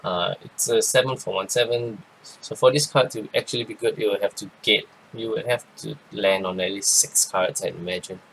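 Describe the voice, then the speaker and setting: A man giving a rambling, casual card game review, tired and yawning, with many pauses and restarts. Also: fairly low pitch, fairly even intonation, gravelly, fairly bright tone, a little hiss or hum, poor audio. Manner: rambling, lots of ums and restarts. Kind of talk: casual commentary.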